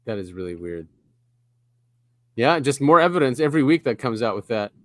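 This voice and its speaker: A man from the United States co-hosting a casual podcast. He rambles and reads bits of articles aloud. His pitch sits mid-range, and the sound is dry and close with no room echo. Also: big pitch swings, a little fast. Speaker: podcast co-host. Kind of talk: casual chat.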